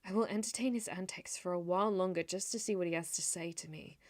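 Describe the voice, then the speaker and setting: A young woman streamer reading a story game aloud, animated, laughing and breaking off to comment. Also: fairly low pitch, fast, dry recording.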